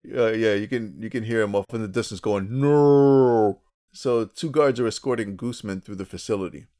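A man's voice: on the low side, quick pace, darkish tone. A man co-hosting a casual podcast, chatty and jokey, often restarting his sentences. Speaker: podcast co-host.

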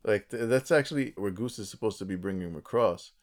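A man co-hosting a podcast, recapping a cartoon episode in a casual, animated way, with quick asides and easy laughter. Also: fairly low pitch. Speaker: podcast co-host.

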